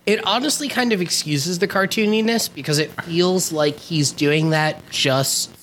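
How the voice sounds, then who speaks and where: A podcast co-host recapping a TV episode in a relaxed, wry, casual chat. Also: medium pitch, moderate pace, a little hiss or hum.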